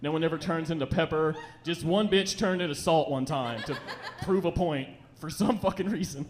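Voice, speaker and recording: A young man doing a rambling, profane stand-up set in a comedy club, slipping into quick voices for the people in his stories. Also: a little high.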